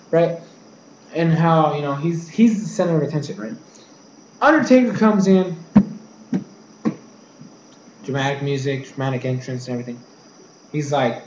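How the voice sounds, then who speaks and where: In an echoey room with faint noise behind him, a young vlogger speaks in a fairly high, darkish voice. He casually runs through events, makes predictions, and retells scenes while quoting characters himself.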